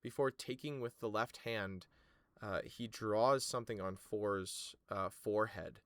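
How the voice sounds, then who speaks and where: Male game master, low gravelly voice, slow halting narration, dry close mic. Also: no room sound. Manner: halting, full of fillers and restarts.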